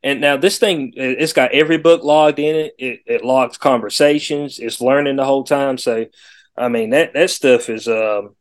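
A man's voice: medium pitch, fairly even intonation, normal speed. A man co-hosting a casual chat podcast, rambling with many restarts and slangy phrasing. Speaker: podcast co-host.

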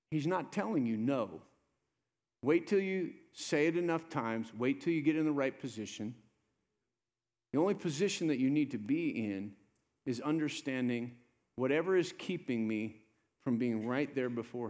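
A male pastor with a medium-pitched voice preaches with animation, voicing the characters of his story and encouraging the congregation to respond.

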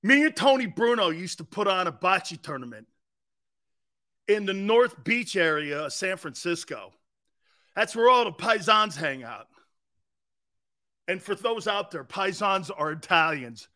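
A man's voice: sits high, animated, unhurried, pauses often, pushed and bright. A male sports talk show host, joking and laughing often with rambling asides.

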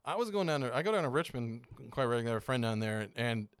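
Podcast guest, male, mid pitch, animated storyteller with frequent laughs, dead-dry close miking. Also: very fast, smooth, no room sound. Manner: rambling, animated storyteller who laughs often. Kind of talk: casual chat.

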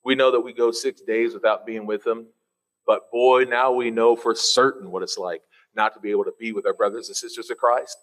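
A man preaching a sermon, teasing his listeners and climbing high in pitch for emphasis, then slowing right down to read scripture. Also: steady tone, low-quality recording. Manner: reads scripture slowly and deliberately.

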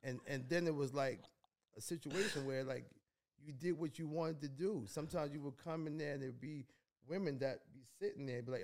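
A middle-aged man from New York tells stories as a podcast guest, relaxed and rambling, often restarting his sentences. His voice sits a little high for a man. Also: a little fast. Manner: laid-back, rambling with many restarts. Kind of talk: casual storytelling in a podcast interview.

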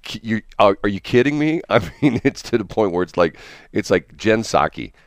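A man's voice: fairly low pitch, sing-song, moderate pace, no room sound, studio quality. A man hosting a casual morning radio chat, rambling and chuckling, restarting his sentences often. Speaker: radio host.

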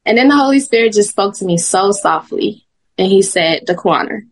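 A woman guest sharing a personal faith testimony in animated storytelling that is often broken by laughter. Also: medium pitch, moderate pace. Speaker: podcast guest.

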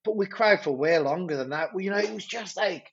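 A head teacher, telling a story in a podcast interview, animated and stumbling over repeated words. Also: male voice, high-pitched, brisk, highs cut off, a little hiss or hum.

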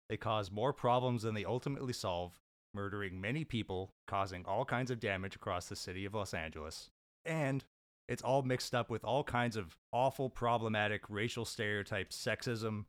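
A man with a lowish voice tearing into a movie in a mock-indignant, emphatic comic rant. The sound is dry and close, with no room in it. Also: no room sound. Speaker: podcast co-host making an opening statement. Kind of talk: comedic mock courtroom argument.

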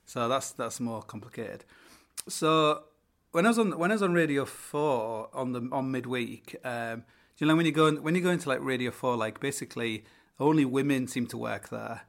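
Gravelly northern English man rambling. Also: mid-range voice, moderate pace. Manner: rambling, full of fillers and swearing. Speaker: podcast host. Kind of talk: casual storytelling.

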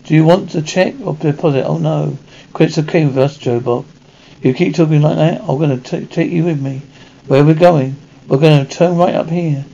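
A man acting in a 1980s TV action drama, trading brisk, gruff banter, heard on a dull lo-fi TV soundtrack. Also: on the high side, fairly even intonation, warm tone. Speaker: TV actor.

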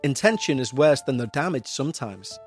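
A man voicing a calm, loving elderly grandmother who speaks softly and soothingly. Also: medium pitch, a little fast, soft background music, natural voice. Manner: soothing, soft.

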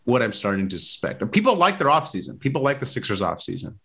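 Man, podcast co-host, casual chat, opinionated, animated up-and-down voice. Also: medium pitch, fast talker, vocal fry, breathy edge. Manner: opinionated, gives tips, repeats himself.

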